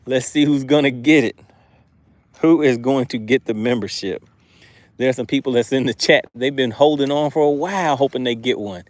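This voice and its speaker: A man runs a fishing livestream in an easygoing, chatty way. He reads viewer comments aloud and laughs often, in a voice of middling pitch. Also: normal speed, dry recording. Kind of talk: casual live chat.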